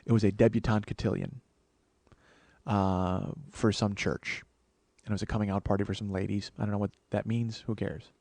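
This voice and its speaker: A man in his forties hosting his own show, telling a profane, animated story that swings from low mutters to loud mock pride. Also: moderate pace, creaky, no room sound. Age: 40s. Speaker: comedian podcast host. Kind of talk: storytelling monologue.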